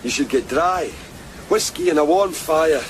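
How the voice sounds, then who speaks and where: An actor playing a kindly, concerned village weaver with a Scottish accent, speaking plainly and coaxingly in a radio drama. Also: male voice, on the high side, measured pace, a little hiss or hum, natural voice, poor audio. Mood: gentle concern. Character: Thomas Buchan, a kindly middle-aged village weaver.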